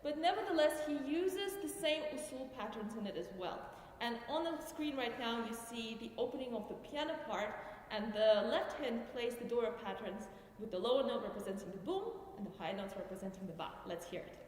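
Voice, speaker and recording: A woman's voice: on the high side, animated, brisk, a little mellow, slight background noise. A young woman from Uzbekistan, giving a music lecture recital and explaining patiently with short demonstrations. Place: concert hall. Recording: echoey hall sound.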